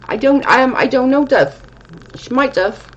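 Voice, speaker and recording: A woman's voice: high voice, moderate pace, a bit bright, dull audio, slight background noise. A young woman casually chatting on a live stream, reading viewer comments and rambling, with casual swearing.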